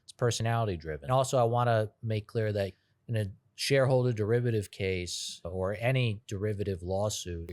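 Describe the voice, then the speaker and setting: Male lawyer, very deep, dry close sound, hammers key legal requirements. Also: darkish tone, no room sound. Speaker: business lawyer. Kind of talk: panel discussion.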